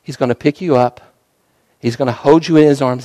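A male pastor preaching a sermon through a story, dramatic, swinging from fervent bursts to hushed, softer passages. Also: medium pitch, fairly even intonation, brisk, dry recording, rough recording.

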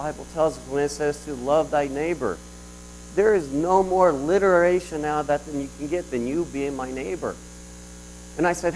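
A man's voice: on the high side, steady tone, moderate pace, a little mellow, a little hiss or hum, poor audio. Man preaching a storytelling sermon. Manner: conversational storytelling with restarts.

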